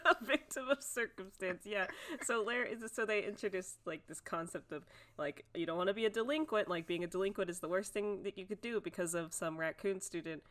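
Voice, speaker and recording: A woman's voice: medium pitch, a little fast, fairly bright tone. Woman co-host, easygoing storyteller, rambling recap, laughing as she goes. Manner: chatty storyteller, many fillers and giggles. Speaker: podcast co-host. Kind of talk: casual chat.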